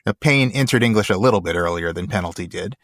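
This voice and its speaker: A man co-hosting a casual podcast, explaining word origins in measured detail. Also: low voice, expressive, a bit bright, dry recording, studio quality. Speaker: co-host.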